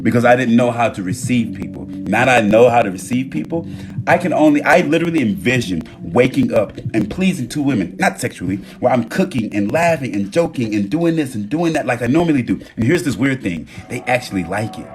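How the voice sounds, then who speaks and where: A man with a lowish voice talks on a phone live stream, animated and profane, jumping from loud bursts to quiet murmurs. Music plays clearly behind him throughout. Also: a little fast. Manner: casual and profane. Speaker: TikTok live host. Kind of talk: casual motivational monologue.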